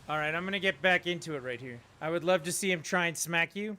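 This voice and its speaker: Chatty bright-voiced man streaming a game. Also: on the high side, fast talker. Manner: chatty, talks to his dog in a soft coaxing voice. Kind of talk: casual live-stream chat.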